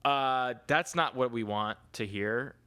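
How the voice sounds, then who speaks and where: A man's voice: medium pitch, takes it slowly, bright, forceful tone, smooth. A young man hosting a solo podcast, talking in a crude, rambling, casual way and swearing often. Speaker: podcast host.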